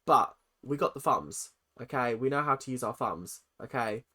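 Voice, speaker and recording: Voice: mid-range voice, moderate pace, breathy edge. Sarcastic young reaction host. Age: 20s. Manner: animated, sarcastic, swears freely. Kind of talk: ranting reaction commentary.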